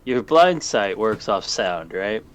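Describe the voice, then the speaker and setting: A man's voice: fairly low pitch, big pitch swings, slow, clean tone. A man running a tabletop role-playing game, plainly explaining rules and what the players see.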